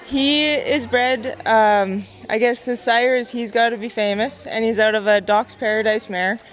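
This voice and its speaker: Young female horse trainer, emotional, modest, halting answers, slightly high voice. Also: steady tone. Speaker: barrel racer and horse trainer. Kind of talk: casual interview answers.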